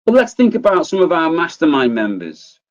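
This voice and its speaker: A man, giving a motivational webinar talk in a chatty, lively way and telling personal stories. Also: fairly high pitch, fairly quick. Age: 40s. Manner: chatty, lively, acts out quoted voices. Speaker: webinar presenter. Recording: slightly muffled webinar audio.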